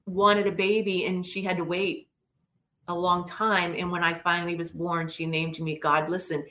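A middle-aged woman telling a personal story in an earnest, animated way as an interview guest. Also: lowish voice, moderate pace. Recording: roomy echo.

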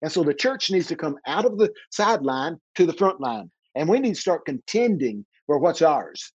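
A man preaching on a talk show, fervent and fast, often repeating and stumbling over his words. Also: a little high, sing-song, husky, dry recording, highs cut off. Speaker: guest preacher.

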